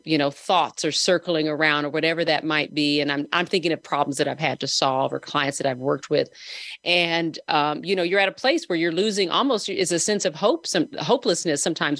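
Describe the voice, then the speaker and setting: A woman's voice: deep voice, a bit bright, no room sound, clean studio sound. A middle-aged woman reflecting thoughtfully in a group discussion, with many fillers. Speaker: participant.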